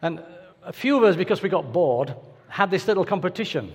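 A man's voice: sits high, sing-song, fairly quick, husky. A man preaching a sermon in a conversational, anecdotal way with playful asides. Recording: reverberant hall.

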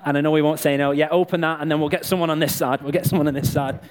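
A man's voice: on the high side, fairly even intonation, rapid-fire, background noise. Chatty man preaching with jokes. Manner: chatty, joking, addresses the crowd directly. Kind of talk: sermon with live props and volunteers.

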